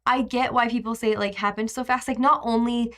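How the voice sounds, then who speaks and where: A woman's voice: a little high, fairly even intonation, brisk, fairly bright tone. A young woman talking through a live stream recap in a loose, rambling way. She gushes and trails off, filling gaps with ums and little laughs, sounding openly emotional about what she watched. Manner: chatty, rambling, emotional, many fillers. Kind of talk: casual live-stream chat.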